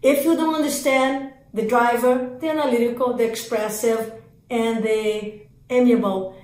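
A woman leads a sales training session, driving points home with emphatic, repetitive commands. Her voice sits a little high, and the room gives it a clear echo. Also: fairly even intonation, measured pace, a little mellow. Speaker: real estate sales coach. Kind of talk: energetic sales training talk.

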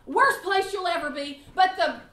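A woman's voice: extremely high pitch, moderate pace, sharp tone, echoey room, far from the mic. A woman teaching a Bible class at church, speaking with passion and piling up clauses as she shares her own testimony. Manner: impassioned, piles up clauses with "and"; tells personal testimony with feeling. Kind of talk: Bible class lesson with audience questions.

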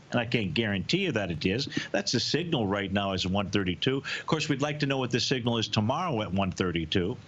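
A man's voice: mid-range voice, fairly bright tone, muffled recording. A man hosting a live market analysis show, answering viewer questions and explaining charts step by step.

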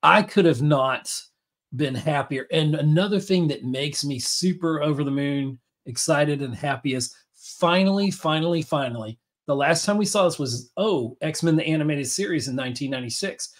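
A man's voice: on the high side, moderate pace. A man hosting a podcast, talking in a rambling, enthusiastic way with many fillers and restarts. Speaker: podcast host. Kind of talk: casual chat.

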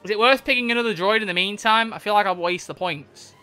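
Young guy yelling over a game stream, sharp bright voice, kinda high. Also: quick pace, clear, resonant tone, faint music behind. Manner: excitable, swears a lot, frequent outbursts. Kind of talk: live gameplay commentary. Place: home gaming setup at a desk.

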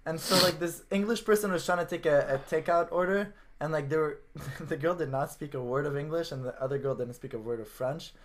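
A man's voice: fairly high pitch, brisk, slight background noise. Blunt, swearing man on a podcast. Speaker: podcast co-host. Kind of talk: casual chat.

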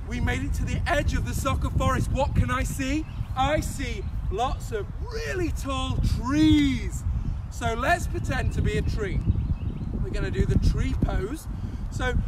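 A man coaching young children through a playful movement game, animated and full of sound effects. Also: extremely high pitch, very noisy. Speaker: kids' soccer coach.

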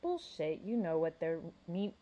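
A furious teenage boy rails at unfairness, blunt and heated, as a woman reading a storybook puts him on. The voice stays low and mellow under the anger. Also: sing-song, a little slow, muffled recording. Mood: angry. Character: angry frustrated teen boy carnivore student.

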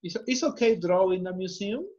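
A patient male teacher talks slowly to young learners and repeats each prompt to coax answers. His voice is a little husky and the sound is muffled, like lo-fi call audio. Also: sits high, a little mellow. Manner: slow, repeating prompts, coaxing. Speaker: English teacher. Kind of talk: online class teaching children.

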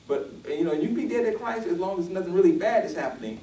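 A man's voice: high voice, expressive, racing, mellow, recorded from a distance. Male pastor preaching in an echoey room. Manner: repetitive restarts, rising to emphatic preaching. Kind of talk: sermon.

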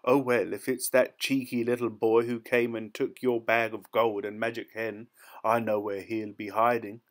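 A man voicing the giant's wife in a storybook, brisk and matter-of-fact. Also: on the low side, little pitch movement, natural voice. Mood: knowing. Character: giant's wife, a knowing adult woman.

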